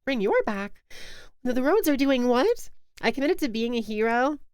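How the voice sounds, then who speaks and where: A woman's voice: fairly high pitch, sing-song, moderate pace, darkish tone, clean tone, no room sound. A young woman streaming a game, chatting casually in a giggly, self-mocking way into a close mic. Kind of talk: casual live-stream chat.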